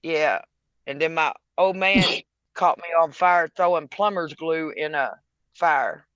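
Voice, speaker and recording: A male caller tells stories in an excitable way, laughing as he goes. His voice sits a little high, and it comes through a muffled, dry line. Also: slow, clean tone, no room sound. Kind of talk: casual storytelling.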